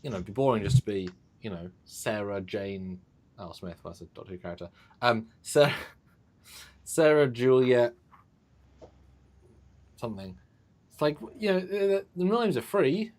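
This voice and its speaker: A man's voice: fairly low pitch, expressive, brisk. A man in his thirties co-hosting a casual livestream chat, with dry, teasing banter. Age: 30s. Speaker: co-host.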